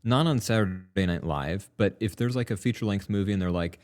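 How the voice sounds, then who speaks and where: This is a man in his thirties chatting on a podcast in a low-pitched voice. His delivery is loose and hesitant, padded with likes and you-knows. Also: a little fast, darkish tone. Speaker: podcast co-host. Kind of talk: casual chat.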